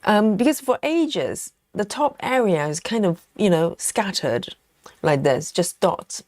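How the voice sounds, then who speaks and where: A woman's voice: medium pitch, expressive, slow, a little mellow, dry recording, clean studio sound. A woman hosting a casual cross-stitch livestream, chatty and giggly, snacking on chocolate and reading out viewer comments. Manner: snacks on chocolate while talking. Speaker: livestream host. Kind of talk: casual live-stream chat while cross-stitching.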